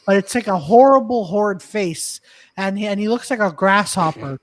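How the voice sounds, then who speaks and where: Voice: medium pitch, normal speed, no echo. A podcast co-host telling a rambling story, full of hesitant ums and uhs. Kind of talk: casual storytelling.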